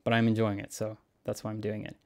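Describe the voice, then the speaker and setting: A young man, a cellist answering viewer questions in a relaxed, musing Q&A vlog, chuckling often. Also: on the low side, fast talker. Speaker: cellist and YouTuber. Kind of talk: casual Q&A vlog.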